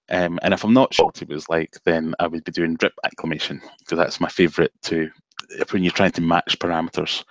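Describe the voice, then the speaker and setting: A man's voice: low-pitched, no room sound. A Scottish man from south of Glasgow, a guest fishkeeper chatting relaxedly on a live stream from his home office, self-deprecating and easygoing. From Scotland, south of Glasgow. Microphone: video call.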